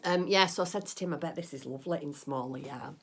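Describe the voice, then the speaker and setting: Middle-aged woman, low voice, chatty home crafting vlog, rambles and gushes. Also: quick pace, breathy edge. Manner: chatty, rambling, gushing with delight. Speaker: crafting vlogger. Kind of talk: casual chat.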